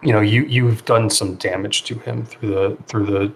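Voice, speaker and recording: A man narrating a tabletop role-playing game as game master, in a relaxed way with many fillers. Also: on the low side, moderate pace. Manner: relaxed, filler-heavy narration with frequent ums and likes.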